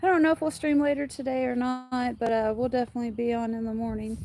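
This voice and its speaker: A woman's voice: fairly high pitch, little pitch movement, quick pace, background noise. A woman hosting a casual livestream outdoors. She rambles, uses many fillers and coos to her dogs. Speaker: livestream host. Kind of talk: casual chat with viewers.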